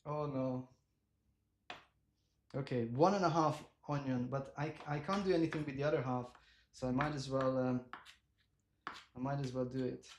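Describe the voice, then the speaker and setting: A man chatting casually on a live cooking stream, animated and self-mocking, laughing often and reading viewer comments aloud. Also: medium pitch, normal speed, long pauses, slight background noise. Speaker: livestreamer.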